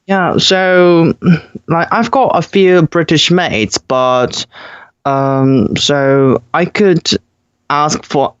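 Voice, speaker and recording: Slow-talking young Korean man, hesitant. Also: mid-range voice, clean tone, dull audio. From South Korea. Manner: hesitant, laughs often, many fillers. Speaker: guest. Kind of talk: casual podcast chat.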